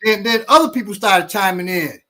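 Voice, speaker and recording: A man's voice: fairly high pitch, unhurried. A middle-aged man from Chicago hosting a casual chat, telling stories animatedly with many restarts. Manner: animated storyteller acting out loud voices. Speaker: podcast host.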